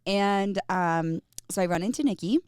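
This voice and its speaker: A woman's voice: medium pitch, normal speed, darkish tone, clear, resonant tone, no echo, clean studio sound. A young woman with an American accent hosting a podcast, friendly and chatty as she recalls a story. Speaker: podcast host. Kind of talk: casual interview chat.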